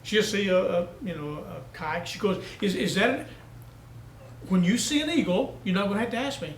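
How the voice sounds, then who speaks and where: A man's voice: sits high, moderate pace, echoey room, slight background noise, rough recording. A male pastor preaching a sermon, telling down-home country stories and building to emphatic peaks. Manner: folksy storytelling preacher, rising to emphatic peaks.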